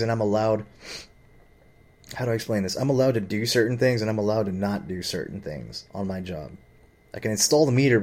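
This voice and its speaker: This man's voice sits on the low side with a darkish tone. He's agitated, rambling through a profane personal story about his father and his boss, with plenty of fillers.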